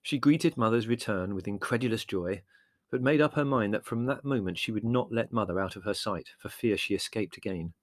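A man narrating an audiobook in a wry, measured storytelling manner. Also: on the low side, no room sound, clean studio sound.

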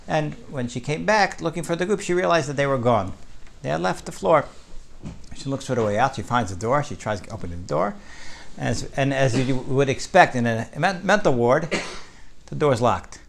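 A man's voice: mid-range voice, moderate pace, gravelly, slight background noise. A man teaching a Torah class, telling a story and pressing points with frequent "right?". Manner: animated, rising with emphasis, frequent "right?".

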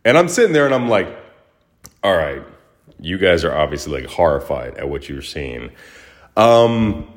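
A man's voice: low voice, normal speed, long pauses. A man hosting a podcast, telling a story in a casual, rambling monologue full of fillers, and livening up as he retells the action. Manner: rambling, filler-heavy, animated when retelling. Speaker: podcast host.

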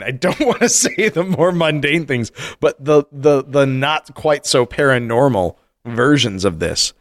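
A man co-hosting a podcast in casual chat, animated and rambling, laughing often and restarting his sentences. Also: medium pitch. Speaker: podcast co-host.

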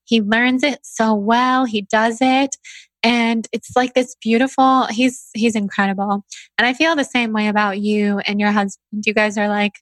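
Effusive woman podcast host with a higher voice. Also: level tone, moderate pace, a bit bright, no room sound. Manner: effusive, gushing praise. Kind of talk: casual interview chat.

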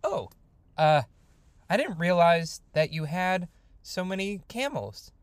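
A man's voice: high-pitched, big pitch swings, takes it slowly, clear, resonant tone, dry recording, pitched above the performer's own voice, full character voice. A man voicing a stubborn grown biblical patriarch who talks in a chatty, modern, emphatic way. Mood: polite.

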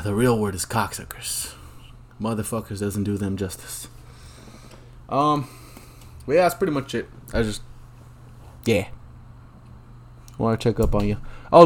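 A man in the middle of a solo podcast rant, swearing constantly and drifting from one gripe to the next. His pitch sits right in the everyday middle for a man, and his delivery is loose and full of filler. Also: moderate pace, pauses often. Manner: rambling, profane ranting with frequent ums. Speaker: podcast host.

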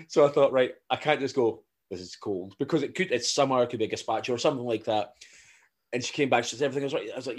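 A Scottish man in his thirties, co-hosting a podcast as a casual chat, telling animated stories with frequent laughing and swearing. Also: medium pitch, fast talker. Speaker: podcast co-host.

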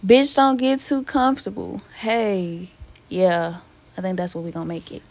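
Young woman podcast host, venting real candid and cussing, mid pitch. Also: fairly even intonation, moderate pace, a little mellow. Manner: candid, profane, talks straight to listeners. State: emotionally hurt, near tears. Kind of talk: casual solo podcast venting.

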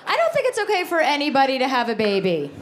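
A woman's voice: high voice, huge pitch swings, fast talker, background noise. A woman performing a stand-up comedy set, with brash, sarcastic, profane ranting. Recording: live club set with audience. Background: audience laughter.

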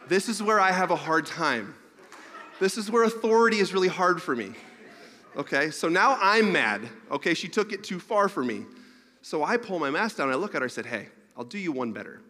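A man tells a rambling, self-mocking story from the pulpit, animated and quick to laugh at himself. His voice sits fairly high and rings bright and forceful. It carries the long reverb of a large hall. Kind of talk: storytelling sermon to an audience.

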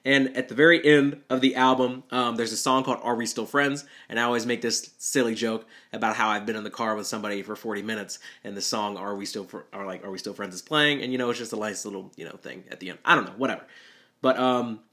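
Bright-voiced young man telling a story. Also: lowish voice, steady tone, fast. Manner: rambling, self-deprecating, nervous laughs. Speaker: rideshare driver. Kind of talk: storytelling monologue.

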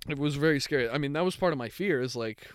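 A young man with a slightly higher voice rambles through a story on a podcast. He piles up fillers and curse words as he talks. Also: fast, clean tone. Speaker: podcast co-host. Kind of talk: casual chat.

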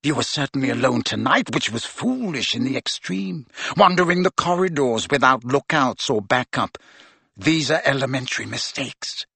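A man voicing a cold, stern male schoolmaster who speaks low, quietly and in clipped phrases, in an audiobook. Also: lively intonation, moderate pace, gravelly, breathy edge, no echo, exaggerated voice. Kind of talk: audiobook character voice.

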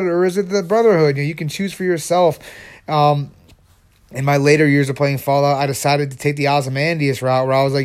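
Excitable rambling podcast man. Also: fairly high pitch. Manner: excitable, rambling, with many restarts. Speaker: podcast host. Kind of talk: casual solo podcast chat.

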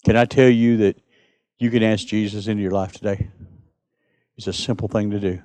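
A man preaching a sermon as pastor, climbing to loud passionate cries and then dropping to a soft, hushed plea. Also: fairly low pitch, fairly even intonation, fairly quick, no room sound, rough recording.

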